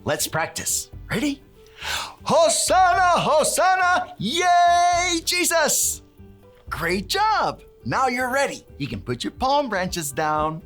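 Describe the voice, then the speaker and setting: A man's voice: high-pitched, huge pitch swings, measured pace, few pauses, fairly bright tone, soft background music, heavily acted. A man playing a cheerful handyman who leads children in call-and-response cheering and drops Spanish words. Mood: cheery. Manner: bouncy, call-and-response with kids, bursts of cheering. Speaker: children's ministry presenter.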